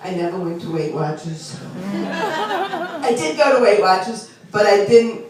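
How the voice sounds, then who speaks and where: A woman's voice: mid-range voice, big pitch swings, a little slow, a crowd in the background. A woman doing a chatty, self-deprecating stand-up set and teasing the audience. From Long Island, New York. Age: 60s. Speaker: stand-up comedian. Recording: echoey club room from far off.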